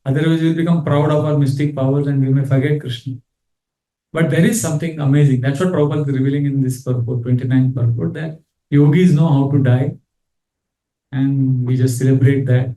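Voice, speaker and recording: A man's voice: medium pitch, fairly quick. A man giving a scripture class, telling stories earnestly. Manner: storytelling, earnest, animated when quoting. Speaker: Bhagavatam teacher. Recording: echoey room, mic at a distance.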